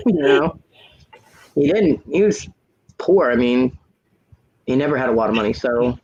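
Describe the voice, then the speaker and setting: Blunt husky-voiced man telling stories. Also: medium pitch, animated, measured pace, darkish tone, highs cut off. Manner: blunt, frank storyteller who acts out both sides of quoted arguments. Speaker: hangout host. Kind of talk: casual storytelling chat.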